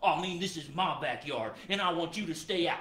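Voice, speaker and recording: A bossy puppet hound dog, put on by a man, stubborn and a little flustered, stammering as he talks. His voice sits slightly below the performer's own and swings about a lot in pitch. The room gives it a noticeable echo. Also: animated, brisk, fairly bright tone. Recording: roomy echo.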